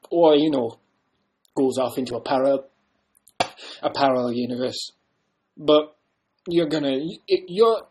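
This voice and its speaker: A man's voice: fairly high pitch, husky. A man doing an impression of a blunt, rambling Scottish time-travelling Doctor, with a Scottish accent. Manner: rambling, blunt, loud bursts.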